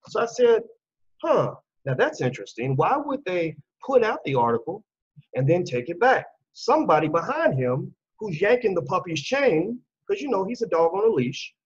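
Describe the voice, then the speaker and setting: Male host, combative monologue, husky voice, dull lo-fi recording. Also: high voice. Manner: animated and combative, acts out quoted voices. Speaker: channel host. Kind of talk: casual commentary monologue.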